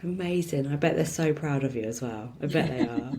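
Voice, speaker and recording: Lower-voiced woman podcast host. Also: brisk, background noise. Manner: warm-hearted praise, chatty questions. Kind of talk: podcast interview.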